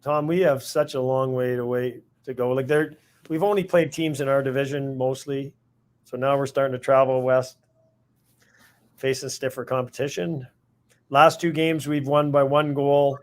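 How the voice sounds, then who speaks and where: A man chatting on a podcast in a voice of ordinary pitch. He hesitates often and fills his pauses. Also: steady tone. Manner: hesitant, many fillers. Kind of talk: casual chat.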